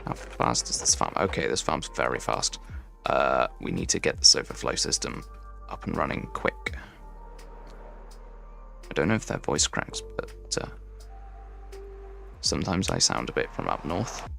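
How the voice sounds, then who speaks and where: A man's voice: rumbling low, big pitch swings, measured pace, creaky, long pauses, bright, forceful tone, faint music behind. A young man from the English Midlands with a Midlands accent, chatting casually on a game livestream and answering chat while he builds. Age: young adult. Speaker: streamer.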